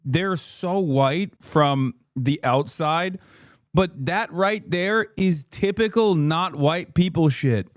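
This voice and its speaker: A man's voice: a little high, slow, dry recording, clean studio sound. A man in his thirties hosting a stream, giving casual reaction commentary as a profane, joking rant. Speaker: streamer host.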